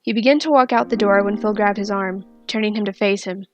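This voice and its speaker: A woman narrating a fanfiction story in a steady, soft-spoken reading. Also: mid-range voice, brisk, highs cut off, over music. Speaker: fanfiction reader.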